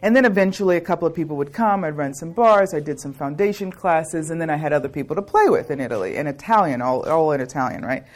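A woman's voice: low voice, animated, fast talker, few pauses. Chatty laughing woman speaking to an audience. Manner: chatty, joking, laughs often; rambling, with many restarts and fillers. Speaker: class facilitator. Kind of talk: casual talk to a live audience.

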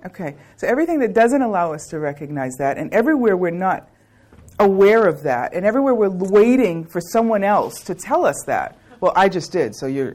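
A woman's voice: mid-range voice, darkish tone. A middle-aged woman who leads classes, giving a casual, rambling talk to a live audience and joking and laughing often. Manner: rambling, with many restarts and fillers. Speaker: class facilitator.

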